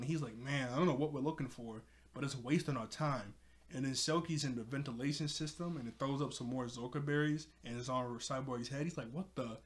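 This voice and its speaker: A man casually recapping a cartoon episode in a rambling, self-correcting, offhand way. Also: mid-range voice.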